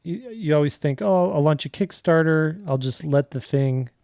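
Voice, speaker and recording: A man chats loosely while he draws on a livestream, wandering through a story with plenty of "like" and "you know". His voice is mellow and dark, and it sounds dry and close, with no room around it. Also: a little high, lively intonation, normal speed, gravelly, dry recording. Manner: rambling, storytelling with many fillers. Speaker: artist livestream host. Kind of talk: casual livestream chat while drawing.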